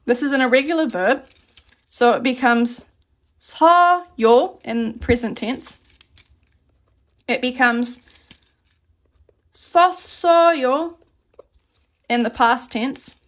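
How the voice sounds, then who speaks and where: A woman teaching a relaxed, chatty live grammar lesson and reading out questions from chat as she writes on paper at her desk. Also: high-pitched, slow, long pauses. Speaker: Korean language teacher.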